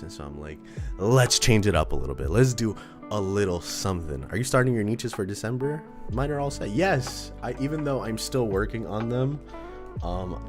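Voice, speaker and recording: A man chatting casually on a journaling livestream, relaxed and rambling, thanking viewers as he goes. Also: sits low. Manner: relaxed, rambling, reads out chat. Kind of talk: casual stream chat. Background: lofi music.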